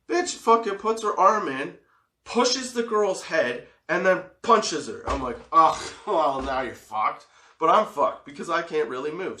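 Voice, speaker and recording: A man in his forties telling a story for a comedy podcast, swearing freely and laughing as he goes. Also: medium pitch. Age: 40s. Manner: profane, animated storyteller who laughs often. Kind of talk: casual storytelling. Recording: roomy echo.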